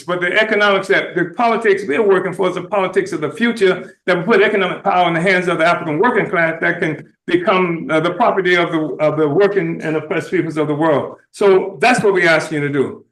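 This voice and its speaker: A man's voice: high voice, fairly bright tone. A man, chairman of the movement, giving a conference speech that appeals for donations, emphatic, often restarting and repeating his phrases. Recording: echoey room.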